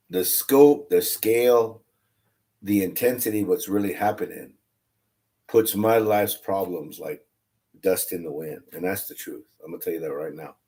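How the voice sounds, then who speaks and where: A man's voice: low-pitched, takes it slowly, long pauses, warm tone. A man talking casually and candidly on a livestream about faith, rambling and restarting his phrases. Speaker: online religious streamer.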